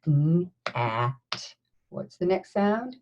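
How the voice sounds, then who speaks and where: A woman teacher leading a slow, encouraging phonics lesson, sounding out words letter by letter. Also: lowish voice, big pitch swings, dull audio, background noise. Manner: encouraging, with praise and questions. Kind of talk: recorded classroom phonics lesson.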